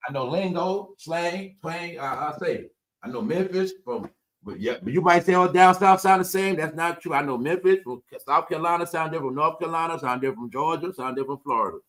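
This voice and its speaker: A man's voice: a little high, fast talker, fairly bright tone. Emphatic profane New man. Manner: profane, emphatic, repeats himself. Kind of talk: casual chat.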